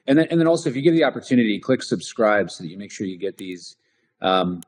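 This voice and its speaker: A man's voice: lowish voice, big pitch swings, fast talker, darkish tone, husky. A man co-hosting a political talk show, explaining his points in a conversational way and often restarting his sentences. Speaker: podcast co-host.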